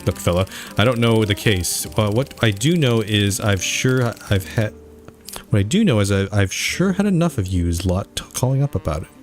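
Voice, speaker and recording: A man voicing a gruff, rude police sergeant in a shaky put-on Irish accent. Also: deep voice, moderate pace, hardly any pauses, darkish tone, soft background music, lightly acted. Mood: irritated.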